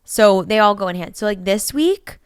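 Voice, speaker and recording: A woman's voice: medium pitch, lively intonation, normal speed, clear, resonant tone, dry recording, studio quality. A young woman co-hosting a podcast, rambling in casual chat and self-deprecating, with lots of "like" in her sentences. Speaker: podcast co-host.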